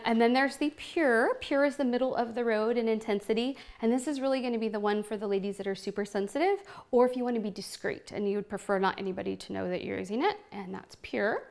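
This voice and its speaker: Playful, cheeky woman hosting a party. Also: fairly high pitch. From Oregon. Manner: playful, cheeky, addresses the room directly with frequent "right?" asides. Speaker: party host and product demonstrator. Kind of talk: lively product demonstration to a live group.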